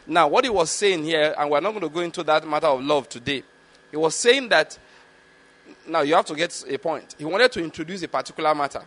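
A man delivers a Bible teaching with a slightly higher-than-average voice. He reads scripture slowly and deliberately, then breaks off to explain and asks his listeners whether they are following. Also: a bit bright. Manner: slow, deliberate reading of scripture with explanatory asides; repeatedly checks understanding with the listeners. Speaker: preacher.

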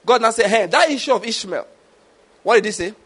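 Male preacher, high voice, animated sermon delivery, keeps checking the congregation follows. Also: a little fast, slightly rough. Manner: animated, keeps asking "do you get my point?".

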